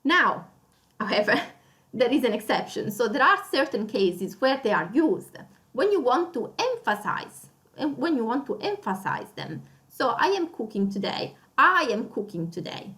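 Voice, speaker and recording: A woman's voice: a little high, sing-song, moderate pace, fairly bright tone. Female teacher, Italian accent, native Italian speaker, patient explainer who repeats and stresses examples, frequent fillers. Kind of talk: beginner grammar lesson.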